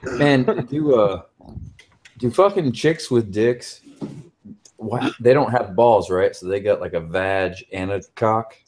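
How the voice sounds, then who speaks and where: A man's voice: lowish voice, takes it slowly, a little mellow. A man in casual chat among friends, telling crude stories with lots of swearing. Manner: crude, drawling storyteller.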